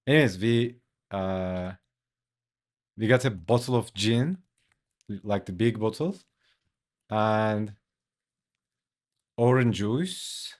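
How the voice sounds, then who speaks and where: A slow, laid-back man with a fairly low voice, not a native English speaker, tells a casual story while streaming himself drawing a comic. He swears, leans heavily on "like" and laughs a lot.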